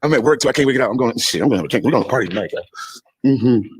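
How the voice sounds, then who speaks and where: A man's voice: medium pitch, lively intonation, racing, breathy edge, no room sound. A man chatting on a live stream, slangy and celebrating. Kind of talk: excited group chat.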